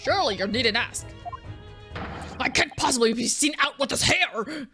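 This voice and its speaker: Woman reading an airy, refined gentleman detective. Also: high-pitched, animated, normal speed, soft background music.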